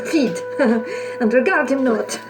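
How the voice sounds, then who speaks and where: A woman's voice: fairly high pitch, expressive, slow pace, over loud music. An actress playing Lady Macbeth, a commanding, scheming queen, speaking poised and scornful Shakespearean verse in an audio drama. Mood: gracious. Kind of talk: audio drama recording of a stage play.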